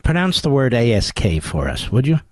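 A man's voice: medium pitch, huge pitch swings, moderate pace, darkish tone, no room sound. A man with a Philadelphia accent hosting a talk radio show, delivering a sarcastic, combative monologue.

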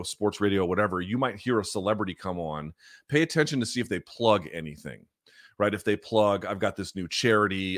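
A man with a fairly low voice hosts a podcast and tells a story at length. He talks casually and emphatically, swears freely, and the sound is close and dry. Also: no room sound. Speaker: podcast host.

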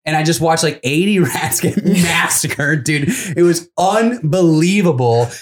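A man's voice: on the high side, unhurried. A man on a comedy podcast telling a childhood story in casual chat, laughing often and acting out the people in it. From Los Angeles. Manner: animated storyteller, acts out voices, laughs mid-sentence. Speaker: comedian guest.

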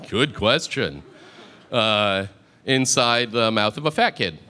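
A man performing a stand-up comedy set in a club, telling stories in a deadpan, dry manner and acting out other people's lines. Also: fairly low pitch, slow, crowd noise. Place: comedy club stage before a live audience. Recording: live club recording with audience noise.

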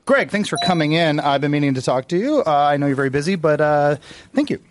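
Man, improv comedian, playful, high lively voice, crowd laughter. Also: quick pace, a little hiss or hum. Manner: laughing, playful, breaks into bits mid-scene.

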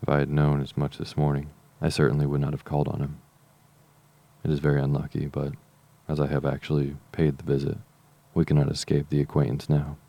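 A man reading the part of a dry, teasing middle-aged country gentleman in an audiobook, with an ironic delivery. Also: very deep voice, monotone, brisk, vocal fry, exaggerated voice.

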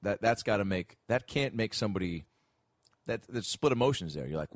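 A man's voice: fairly low pitch, a little fast, dry recording, clean studio sound. A male comedian telling stories in casual, profane podcast chat. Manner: profane, animated storytelling.

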